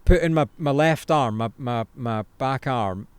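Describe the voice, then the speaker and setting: A young Scottish man co-hosting a podcast, telling animated stories in casual chat, laughing often and swearing. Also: medium pitch, a little slow, smooth, dry recording. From Scotland. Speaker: podcast co-host.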